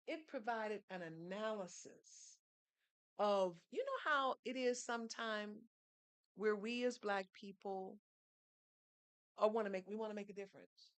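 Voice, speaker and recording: A woman's voice: medium pitch, measured pace, clear, resonant tone, dry recording. A woman, speaking as a podcast guest who tells her story in an earnest, teaching way and poses rhetorical questions. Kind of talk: storytelling conversation.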